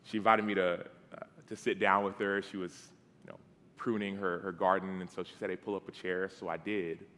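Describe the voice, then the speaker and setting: Man, 30s, preacher. Casual storytelling sermon, slightly low voice, acts out dialogue, often drops to soft tones. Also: flat delivery, fairly quick. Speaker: guest preacher. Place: church sanctuary. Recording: long hall reverb.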